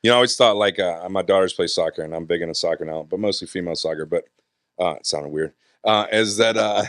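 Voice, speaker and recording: A man's voice: low-pitched, quick pace, a bit bright, dry recording, clean studio sound. A man with a Southern US accent hosting a podcast interview, asking questions with teasing jokes. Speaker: podcast host. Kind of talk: casual interview. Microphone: podcast studio microphone.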